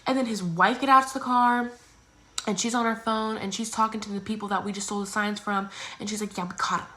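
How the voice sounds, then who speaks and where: A teenage girl telling a personal story in a casual, chatty way, full of "like" and "um", acting out others in squeaky voices. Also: fairly even intonation, brisk, pushed and bright, slight background noise. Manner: acts out others' lines in squeaky exaggerated voices.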